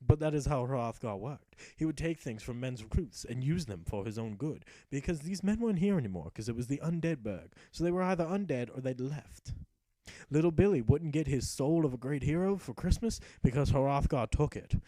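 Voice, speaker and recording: Young male gamer spinning a profane mock-epic tale over his play; mellow voice, swooping lively delivery. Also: medium pitch, normal speed, dry recording, rough recording. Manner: profane, sarcastic storyteller voicing his character. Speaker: gameplay commentator. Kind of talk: mock-epic narration of gameplay.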